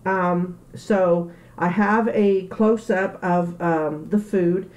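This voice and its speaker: A woman's voice: on the low side, fairly even intonation, drawn-out words, a little mellow. Chatty woman eating on camera. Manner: chatty, laughing, talks while eating. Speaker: mukbang vlogger. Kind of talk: casual eating vlog chat.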